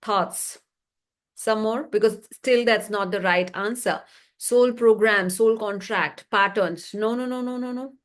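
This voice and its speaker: A woman teaching a live online class, reading chat replies and explaining with rhetorical questions and animated stories. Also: unhurried. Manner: animated storytelling, rising pitch for emphasis. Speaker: energy healing teacher.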